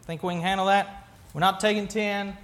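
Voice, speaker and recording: A man's voice: high voice, fairly even intonation, moderate pace, a bit bright. A male pastor giving a sermon in a conversational way, asking the congregation questions and often restarting his sentences.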